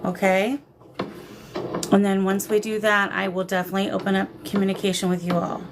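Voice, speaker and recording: A woman's voice: medium pitch, little pitch movement, a little fast, noisy background. A woman hosting a paranormal livestream in casual chat, greeting viewers with affectionate pet names over a phone camera. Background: shamanic drumming.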